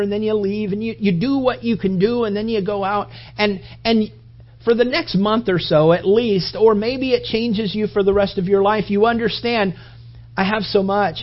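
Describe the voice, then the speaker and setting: A man's voice: sits high, lo-fi sound. A man preaching a sermon in a conversational, rambling way, often restarting his sentences.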